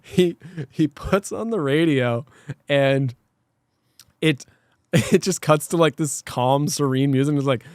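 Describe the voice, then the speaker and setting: A man's voice: on the high side, measured pace, darkish tone, no room sound, clean studio sound. A man co-hosting a podcast, retelling a cartoon episode in casual chat, acting out lines and sound effects and swearing freely. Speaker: podcast co-host.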